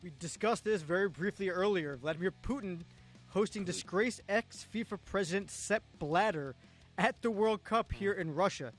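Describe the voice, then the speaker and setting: Higher-voiced man reading sports prompts. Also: moderate pace, faint music behind. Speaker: sports radio co-host. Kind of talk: reading questions on sports talk.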